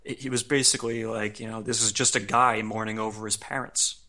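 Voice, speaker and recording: Male podcast host, lowish but bright and forceful voice, casual amused recap delivery. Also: fairly quick. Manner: recaps events in a relaxed, amused tone with frequent laughs. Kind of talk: casual wrestling recap chat.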